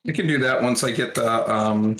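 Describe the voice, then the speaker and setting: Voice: mid-range voice, normal speed, a bit bright. A streamer chatting casually in a home kitchen while cooking, with a sarcastic, rambling manner. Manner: sarcastic, chatty, fond of fillers. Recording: roomy kitchen with faint noise.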